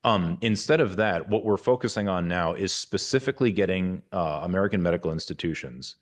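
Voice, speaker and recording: This forties-aged surgeon's informal university talk comes in a low-pitched, expressive voice, delivered briskly. He wanders, restarts frequently, fills pauses, and offers frank, wry asides.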